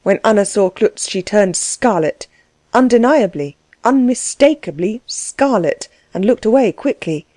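Woman narrator, audiobook, measured, expressive, mellow dark voice, dry close recording. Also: mid-range voice, dry recording.

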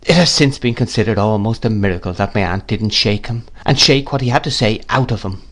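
A man reading a classic novel aloud in a measured, deliberate narration. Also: on the low side. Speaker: audiobook reader.

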